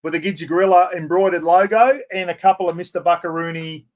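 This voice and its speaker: A man in his fifties with an Australian accent, excitedly hosting a chatty live stream giveaway and poking fun at himself. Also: sits high, quick pace. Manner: excitable, chatty, self-mocking.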